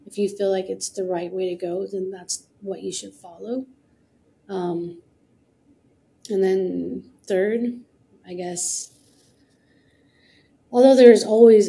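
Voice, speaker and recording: A woman's voice: medium pitch, steady tone, slow pace, vocal fry, long pauses, warm tone, a little hiss or hum, poor audio. A woman co-founder speaking as an interview guest in casual, earnest, encouraging talk with many fillers.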